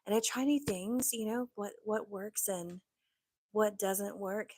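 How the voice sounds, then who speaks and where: A woman's voice: medium pitch, unhurried, darkish tone. A woman hosting a casual live stream, chatting in an upbeat, loose way with lots of fillers into a desk microphone.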